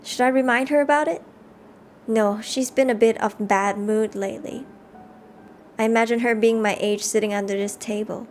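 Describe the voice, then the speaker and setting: A woman live-streaming a game, reading the story text aloud and chatting with viewers in an animated way. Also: fairly high pitch, moderate pace, slight background noise. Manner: animated, chatty, reads narration aloud between chat replies.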